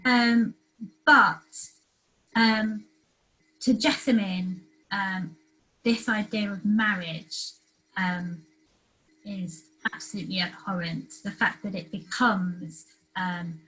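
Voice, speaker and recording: Slow, hesitant woman lecturing. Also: medium pitch, fairly even intonation, bright, forceful tone, poor audio. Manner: hesitant, many ums and uhs. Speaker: guest lecturer. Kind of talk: academic lecture.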